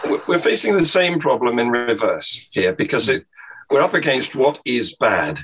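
Husky storytelling man from the UK. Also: mid-range voice, big pitch swings, moderate pace, fairly bright tone, rough recording. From United Kingdom. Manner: storytelling with hesitant restarts. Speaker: panel guest. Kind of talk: casual panel chat.

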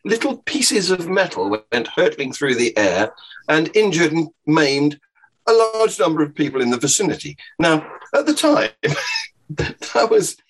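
A man from the UK tells a story on a panel, with hesitant restarts. His voice is a little husky and slightly high. His pitch moves a lot. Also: sing-song, unhurried, low-quality recording. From United Kingdom. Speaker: panel guest. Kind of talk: casual panel chat.

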